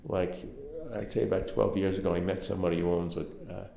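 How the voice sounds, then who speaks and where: In a reverberant recording, an older Brooklyn man with a Brooklyn accent tells loose, filler-heavy stories for an oral history interview. His voice is low-pitched, gravelly and warm, moving quickly with fairly even intonation.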